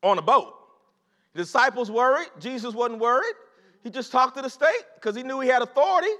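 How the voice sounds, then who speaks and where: A male preacher with a very high, bright, forceful voice delivers a lively sermon, talking straight to the congregation and hammering his points through repetition. His voice rings out with a long reverb off the walls of a big church sanctuary. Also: fast. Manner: animated, conversational preaching with repetition and call-outs to the congregation. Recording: long reverb of a large hall.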